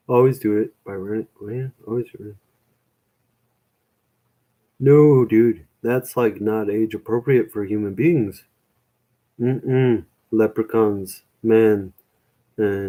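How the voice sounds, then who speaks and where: A man's voice: on the low side, dark tone, low-quality recording. A young man rambling in a casual chat with his viewers, self-mocking and full of "man" and "dude".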